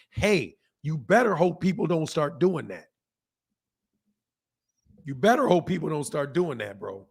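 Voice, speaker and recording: A man with a hoarse voice hosting a casual boxing livestream, talking straight to viewers, repeating points and reading out chat comments. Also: a little high, big pitch swings, slow pace, long pauses. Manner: talks straight to viewers, repeats himself for emphasis. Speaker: boxing channel host.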